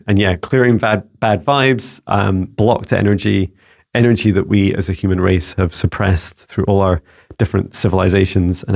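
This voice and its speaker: A Scottish man relaying psychic messages to viewers in a casual solo talk, halting and searching for words as he goes. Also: low-pitched, creaky, darkish tone. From Scotland. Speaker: psychic mentor answering viewer questions. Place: home with a laptop.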